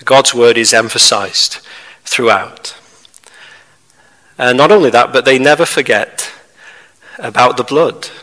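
A man preaching a sermon as a pastor, measured and emphatic, with rhetorical questions to his congregation. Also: mid-range voice, sharp tone, long reverb tail, poor audio. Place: church.

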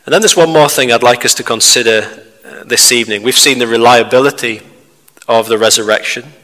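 A man preaching a sermon, measured and steady, putting questions to the listeners. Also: medium pitch. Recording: reverberant hall.

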